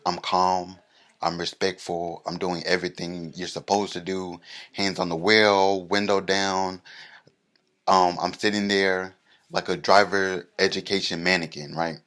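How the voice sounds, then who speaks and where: A man with a very low, deep voice tells a stand-up story about himself. He mocks himself and lands each beat with animated comic timing. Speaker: comedian.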